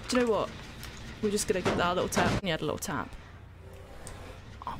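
A woman giving excitable, sweary, self-mocking commentary on her own gameplay as a streamer. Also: medium pitch, normal speed, long pauses, background noise. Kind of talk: live gaming commentary.

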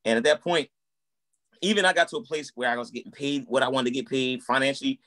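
A man in his thirties tells his story in a relaxed interview. He talks in a loose, chatty way and acts out what people said along the way. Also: medium pitch, fast. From United States. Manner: animated, acts out quoted dialogue. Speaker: guest, musician and minister. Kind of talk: casual conversational storytelling.

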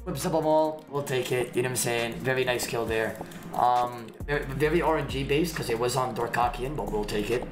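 A man commenting live on his gameplay as a streamer, trash-talking in slang and bursting into sudden shouts. His voice sits in an ordinary middle pitch. It bounces around a roomy, echoey space while music plays clearly underneath. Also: brisk. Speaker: game streamer. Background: background music.

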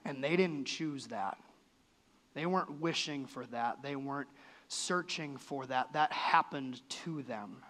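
A male pastor takes his time delivering a church sermon, his medium-pitched voice a touch bright. The tone is earnest and conversational, with sharp rises and falls.

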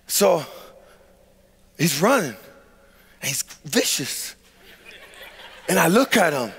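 A man preaching a sermon as pastor, using call-and-response and swinging from shouted lines to quiet asides. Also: high voice, husky, big-room sound.

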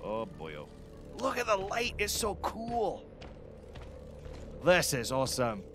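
A man hosting a game stream in casual chat, excitedly exclaiming questions about what he sees. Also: high-pitched, slow pace. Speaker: streamer host. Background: game music.

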